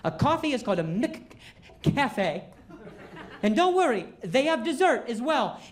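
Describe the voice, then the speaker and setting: A man's voice: extremely high pitch, sing-song, a little slow. A man doing stand-up storytelling, who stutters and jokes about himself on a comedy stage. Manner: stutters, self-deprecating. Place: comedy stage, audience laughing.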